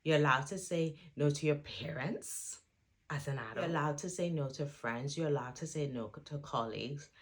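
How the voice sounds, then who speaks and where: A woman training to be a psychotherapist gives a motivational self-help talk to viewers. Her voice is low and her pace moderate, and she sounds earnest and reassuring as she repeats affirmations.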